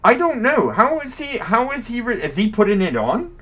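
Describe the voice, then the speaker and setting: A man's voice: very high-pitched, sing-song, normal speed, fairly bright tone. A man commentating his game live, musing aloud in a rambling, curious way. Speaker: game streamer. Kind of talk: livestream gameplay commentary.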